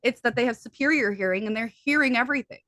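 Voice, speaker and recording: A woman hypnotherapist from the USA, a middle-aged mother, talking fast and earnestly as a guest in an interview. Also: on the high side, a bit bright, dry recording. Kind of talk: conversational interview.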